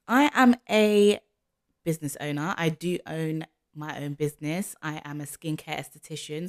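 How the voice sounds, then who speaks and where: A young woman with a London accent hosting her own podcast in an upbeat, chatty way, full of greetings and shout-outs. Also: sits low. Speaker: podcast host. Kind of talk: casual solo podcast chat.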